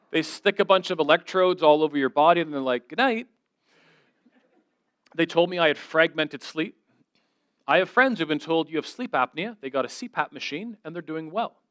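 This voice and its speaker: A man with a somewhat high voice gives a church talk, recorded close and dry. He tells stories in a lively, self-deprecating way, acting out the back-and-forth of each conversation. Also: brisk, dry recording. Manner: animated, self-deprecating storyteller acting out dialogue. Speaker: guest speaker.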